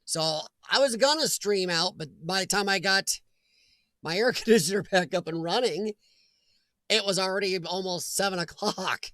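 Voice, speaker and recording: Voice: mid-range voice, moderate pace, fairly bright tone, no echo. A livestream host chatting casually from home, laughing often and greeting viewers by name.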